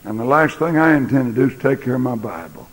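A man preaching a sermon in a large church, folksy, swinging between loud bursts and quiet asides. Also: mid-range voice, expressive, fast talker. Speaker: pastor. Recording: echoey church hall recording.

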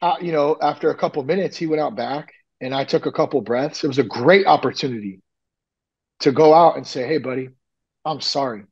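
A man talking candidly as a podcast guest, rambling with lots of fillers and lively retellings. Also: fairly high pitch, brisk, creaky, breathy edge, muffled recording. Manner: rambling, frequent "like" and "you know", animated retellings. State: nearly ten years sober. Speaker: podcast guest, recovery coach. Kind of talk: candid conversational storytelling.

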